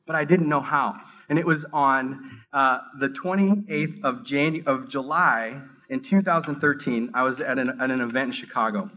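A middle-aged man gives a heartfelt personal testimony in an earnest, halting way, stumbling over words and circling back as he speaks. His voice sits at an ordinary pitch, and the recording sounds a little dull and muffled. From Minneapolis area. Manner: earnest, halting, with many restarts and rising excitement. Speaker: seminary student giving testimony.

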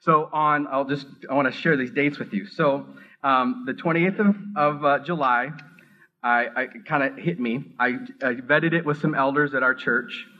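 A middle-aged man from the Minneapolis area telling his personal faith testimony, earnest and halting, often restarting his sentences as his excitement builds. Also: mid-range voice, lo-fi sound. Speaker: seminary student giving testimony.

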